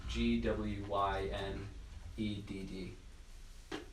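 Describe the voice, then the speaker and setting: A man's voice: on the low side, flat delivery, drawn-out words, a little hiss or hum. Man running a tabletop game, roomy and distant. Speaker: game master. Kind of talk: voicing an NPC in a tabletop game. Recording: roomy, distant mic with music.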